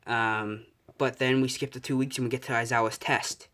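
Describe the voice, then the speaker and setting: A young man improvising a fan story out loud, rambling and correcting himself, swearing casually. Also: mid-range voice, little pitch movement, moderate pace.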